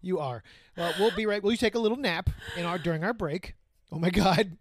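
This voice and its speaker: A man's voice: high voice, brisk, no room sound, studio quality. A man co-hosting a casual podcast, joking and teasing, swearing freely. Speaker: podcast co-host. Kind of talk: casual chat.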